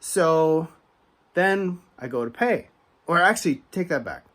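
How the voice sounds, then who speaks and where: With a fairly high pitch and measured pace, this American card collecting channel host rants his way through a story. His delivery is conversational and animated, frequently sidetracked by asides and restarts, and it turns heated and emphatic.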